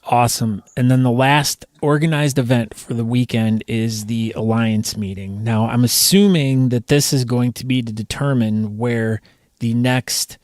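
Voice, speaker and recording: A man's voice: medium pitch, a little mellow, no echo. A man with a mid-range voice hosts a chatty podcast interview. He asks questions and throws in playful teasing. The sound is dry and close. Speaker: podcast host.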